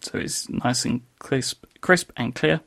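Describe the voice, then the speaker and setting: A man's voice: mid-range voice, takes it slowly, creaky, a bit bright. A man co-hosting a podcast, chatting casually and explaining technology in a dry, plain way. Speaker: podcast co-host.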